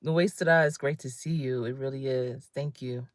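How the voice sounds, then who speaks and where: A woman's voice: sits low, normal speed, few pauses, a bit bright, no echo, clean studio sound. A woman in her fifties, a career coach, giving an emphatic, conversational motivational talk on a livestream and greeting viewers by name. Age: 50s.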